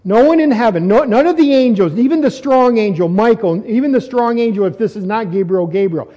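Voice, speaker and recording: A high-pitched man with a mellow, soft-edged tone preaches verse by verse in a hall with a long echo. He reads scripture aloud, then unpacks it, rising to emphatic repeated questions. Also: animated, brisk, dull audio. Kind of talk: expository sermon.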